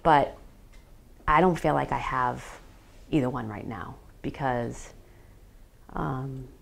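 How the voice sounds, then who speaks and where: A middle-aged woman speaking as a parent in a radio documentary interview, reflective and halting as she searches for words. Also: a bass voice, vocal fry, breathy edge. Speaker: parent of a transgender teen.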